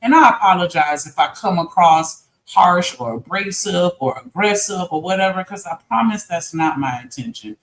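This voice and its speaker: A man's voice: sits high, lively intonation, normal speed, hardly any pauses, a bit bright. A man on a live-stream panel, explaining himself earnestly and at length in casual talk. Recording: roomy echo.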